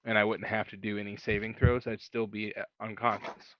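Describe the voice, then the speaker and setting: A man playing a tabletop game, calmly explaining the rules in casual chat. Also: lowish voice, brisk, no room sound, highs cut off. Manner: calm, explains rules plainly.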